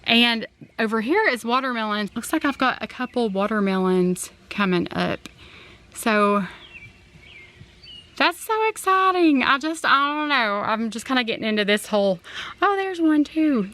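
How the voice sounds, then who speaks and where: Middle-aged woman, chatty vlogging mom, bright forward tone, roomy echo. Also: on the high side, lively intonation, normal speed. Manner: chatty, earnest, rambling asides. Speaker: family vlogger, mother. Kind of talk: casual chatty vlog. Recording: roomy echo, faint background noise.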